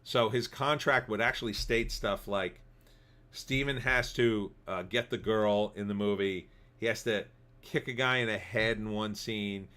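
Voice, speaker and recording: A man's voice: lowish voice, unhurried, sharp tone. A man hosting a livestream, rambling casually as he reads viewer comments. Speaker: livestream host. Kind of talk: casual commentary reading chat.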